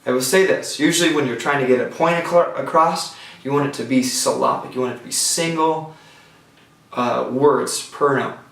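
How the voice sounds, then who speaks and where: A man teaching a songwriting lecture, talking thoughtfully with pauses and restarts, recorded from a distance from the mic. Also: medium pitch, creaky, a bit bright. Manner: thoughtful, with pauses and restarts, breaks into sung examples. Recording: roomy sound from a distance from the mic.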